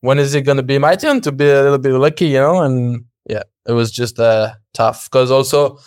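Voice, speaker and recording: Young male guest, lively storyteller, acts out dialogue, smooth clear voice, mid pitch. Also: fairly quick, dry recording, clean studio sound. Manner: animated, acts out quoted dialogue, laughs often, swears. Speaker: podcast guest. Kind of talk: casual storytelling.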